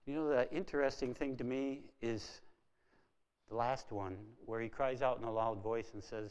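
A man's voice: mid-range voice, normal speed, clean tone. Preaching man in a reverberant hall. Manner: swings between hushed quoting and rising emphatic preaching. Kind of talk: sermon.

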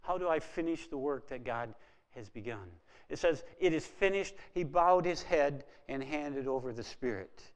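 Male preacher, sermon delivery, soft quotes and rising emphasis, reverberant hall sound. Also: medium pitch, lively intonation, normal speed. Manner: swings between hushed quoting and rising emphatic preaching.

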